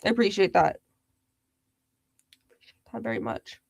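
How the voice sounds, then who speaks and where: A woman's voice: medium pitch, lively intonation, moderate pace, gravelly, darkish tone, no room sound. A young woman hosting a casual livestream, chatty and giggly, reading viewers' comments aloud. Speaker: livestream host.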